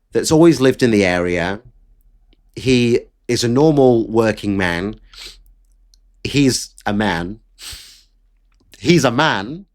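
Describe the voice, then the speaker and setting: A man hosting political commentary, talking bluntly and with frequent swearing in an exasperated rant. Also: medium pitch. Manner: blunt, profane, exasperated ranting.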